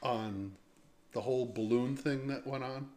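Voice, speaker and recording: A man's voice: mid-range voice, normal speed, darkish tone. A man hosting a casual podcast chat, teasing his co-host, often hesitating and restarting his sentences.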